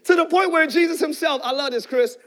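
Man, pastor, very high voice, fervent shouted sermon, calls to the congregation. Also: a little fast.

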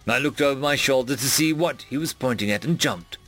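A man reading stories aloud as narrator, expressive and dramatic. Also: mid-range voice, a little fast, faint music behind. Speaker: story narrator. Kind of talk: scripted story reading.

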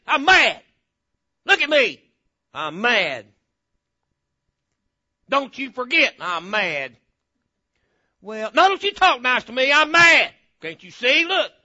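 Sulky man, played by a preacher, whiny and insistent, voice pushed high. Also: bright, forceful tone, muffled recording, heavily acted. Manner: petulant, insistent. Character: sulking grown man showing off his anger.

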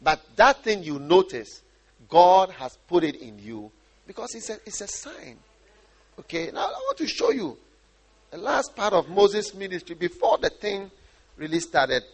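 A man from Ghana preaching a sermon, animated and often repeating and restarting his phrases. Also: sits high, a little slow, slightly rough.

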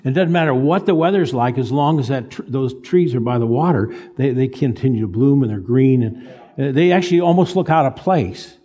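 A man in his seventies preaching a sermon in a folksy, halting way, repeating words as he tells stories. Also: medium pitch, animated, warm tone. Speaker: pastor. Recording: long reverb of a large hall.

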